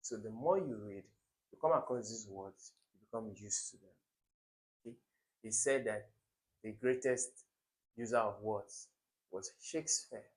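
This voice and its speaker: A young man with a voice on the low side speaks a little slowly, pausing often. He is an exam tutor in a recorded exam-prep lesson teaching English, emphatic, repeating words and quizzing the viewer.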